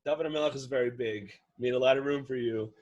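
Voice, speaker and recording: Casually bantering as a podcast co-host, a man jokes and makes fun of himself. He's a fast talker with a medium pitch and a darkish tone, and the recording sounds muffled.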